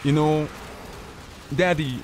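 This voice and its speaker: Doting dad, put on by a man, slightly high voice, coaxing and tender, noisy voice chat. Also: takes it slowly. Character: doting fatherly dad addressing his son.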